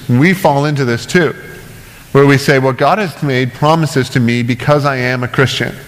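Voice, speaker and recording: Joking preacher in a big reverberant hall. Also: male voice, medium pitch. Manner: conversational, joking, asks "right?" often. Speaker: pastor. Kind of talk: sermon.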